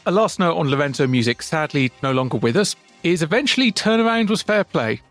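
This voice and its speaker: A man co-hosts a podcast with blunt, sweary, wry remarks. His voice sits slightly high for a man. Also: expressive, brisk, faint music behind. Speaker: podcast co-host. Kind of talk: casual chat.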